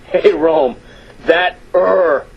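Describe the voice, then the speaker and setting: A man hosting a radio sports talk show, reading listener emails aloud with amused disbelief and drawn-out emphasis. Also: high-pitched, creaky, lo-fi sound, a little hiss or hum. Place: radio studio.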